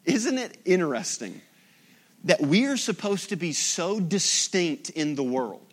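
Emphatic preaching man, slightly high voice. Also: sing-song, measured pace. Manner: emphatic, rhetorical repetition. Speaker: pastor. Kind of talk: sermon.

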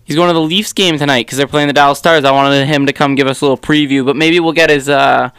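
A man hosting a casual podcast chat, upbeat and quick to laugh. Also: a little high, steady tone, a bit bright, smooth, dry recording. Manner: upbeat, laughs easily, talks sports. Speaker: podcast host.

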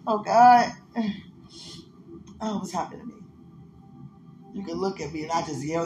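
A person praying aloud in ecstatic prayer, emotional and laughing, swinging from loud cries to hushed whispers. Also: medium pitch, unhurried. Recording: roomy echo with soft music.

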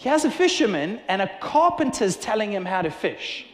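Male preacher, fairly high voice, animated storyteller; roomy hall reverb. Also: moderate pace. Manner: animated storytelling with acted-out dialogue. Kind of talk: sermon. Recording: echoey hall with long reverb.

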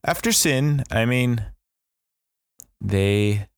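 A man in a casual faith discussion, thinking aloud slowly with restarts. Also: medium pitch, lively intonation, smooth, dry recording, studio quality. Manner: slow, thoughtful, restarts as he reasons aloud.

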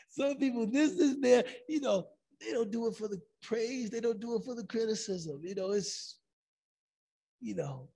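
High-voiced male lecturer, gravelly and husky, animated storyteller. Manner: animated storytelling, acts out quotes. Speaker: Islamic lecturer. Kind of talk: lecture with stories.

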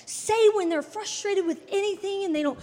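A woman in her thirties, a pastor preaching a sermon in a church, talking to the congregation in an animated, conversational way with playful asides. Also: very high voice, moderate pace. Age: 30s. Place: church sanctuary. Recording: long hall reverb in a church.

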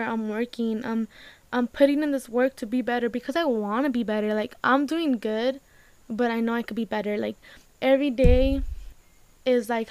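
A woman's voice: on the high side, a little mellow, no echo. A young woman talking casually and emotionally to her viewers, rambling with many fillers, close to tears. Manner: rambling, emotional, heavy use of "like", swears casually. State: tearful. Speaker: vlogger. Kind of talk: casual personal talk to camera.

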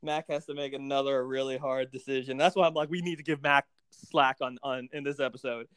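A man co-hosting a casual TV recap podcast, animated, acting out characters' lines as he retells scenes. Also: mid-range voice, fairly quick, clear, resonant tone, no echo, studio quality. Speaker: podcast co-host.

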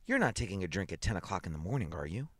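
A man's voice: sits low, very animated, racing, a bit bright, no room sound, exaggerated voice. A man voicing a frightened wife who pleads anxiously with her husband in a read-aloud story. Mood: pleading.

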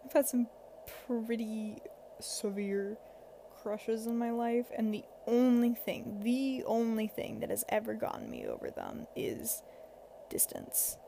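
A woman's voice: fairly high pitch, very animated, slow pace, creaky, mellow, a little hiss or hum. A seventeen-year-old girl hosting a podcast, giving casual, rambling advice with lots of fillers and self-deprecating asides. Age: teens. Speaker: podcast host.

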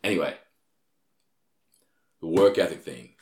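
A man's voice: sits low, a little fast, reverberant. A young Australian man in casual chat, a profane, rambling storyteller. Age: young adult. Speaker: comedian and podcast host.

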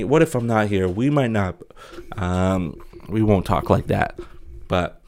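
A young man with a fairly low voice talks through a casual solo podcast. He rambles and jokes, restarting sentences and leaning on fillers as he goes. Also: expressive, slow, a little mellow. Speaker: podcast host.

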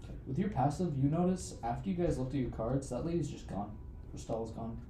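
A man's voice: medium pitch, expressive, quick pace. A man running a tabletop game as game master, narrating scenes with a playful, laughing manner. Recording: echoey room, faint noise.

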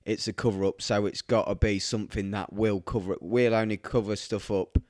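A man's voice: on the low side, steady tone, darkish tone, dry recording. A man co-hosting a casual podcast as a tattoo artist, often laughing and teasing his partner. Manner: teasing, quick to laugh and interject. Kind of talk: casual chat.

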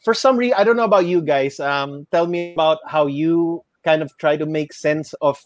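A man's voice: on the high side, normal speed, dry recording. A man with a Filipino accent, rambling and correcting himself in casual podcast chat. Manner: rambling, self-correcting, mixes Tagalog into English.

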